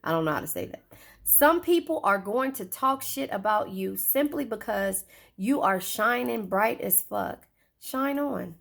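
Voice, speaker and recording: A woman's voice: mid-range voice, lively intonation, unhurried, creaky. A woman giving a casual tarot reading, chatty and swearing, often repeating her phrases. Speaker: tarot reader.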